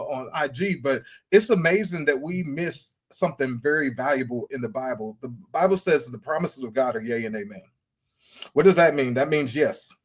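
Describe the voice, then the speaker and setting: A man hosting a podcast, talking about faith in a fervent, sermon-like way with lots of repetition. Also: on the high side. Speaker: podcast host. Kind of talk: preaching-style podcast chat.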